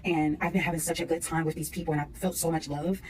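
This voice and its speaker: A woman's voice: low voice, steady tone, fast talker, slight background noise. A woman, a wedding content creator, telling an earnest and aggrieved story to her viewers. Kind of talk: emotional storytelling to camera.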